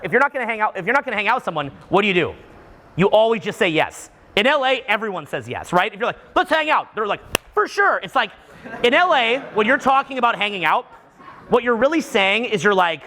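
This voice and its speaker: A man from Canada giving a live seminar talk to an audience, acting out what people say and often restarting his sentences. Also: sits high. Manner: animated, acts out what people say, frequent restarts. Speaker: seminar speaker.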